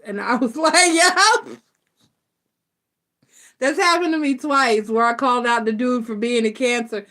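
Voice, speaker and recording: Blunt, animated woman tarot host. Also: on the high side. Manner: animated storytelling, blunt and laughing. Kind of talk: casual live-stream chat.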